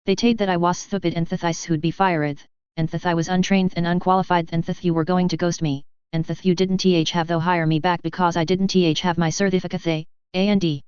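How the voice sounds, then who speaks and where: A woman's voice: medium pitch, moderate pace, a little mellow, clean tone, no room sound, muffled recording, lightly acted. A woman voicing a timid, frightened young male snake creature who speaks with a lisp and keeps apologizing. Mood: miserable. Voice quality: lisping. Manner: desperate, apologetic, tearful.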